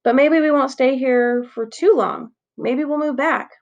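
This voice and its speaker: A woman's voice: sits high, measured pace, muffled recording, pitched above the performer's own voice. A woman reading aloud in a slightly raised voice for a homesick, sulky young boy.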